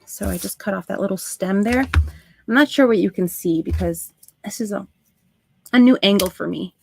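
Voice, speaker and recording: A woman hosting a live crafting stream, chatting to her viewers as she works, with soft asides under her breath. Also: medium pitch, normal speed, vocal fry, slight background noise. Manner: talks to chat viewers while working, soft asides. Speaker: craft livestream host.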